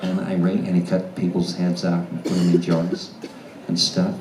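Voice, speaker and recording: This blunt Australian outback man, a guest actor at a fan convention Q&A, swears freely and laughs often as he tells casual stories. His low voice is completely flat at a moderate pace, heard from a distance in a large echoey hall with faint room noise.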